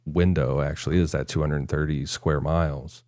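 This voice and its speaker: Man, very deep voice, dry close sound, reads notes casually with chuckles. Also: fairly even intonation, moderate pace, darkish tone, no echo. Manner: reads notes in long stretches, breaking into chuckles. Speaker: podcast co-host. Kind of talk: casual chat, reading research notes.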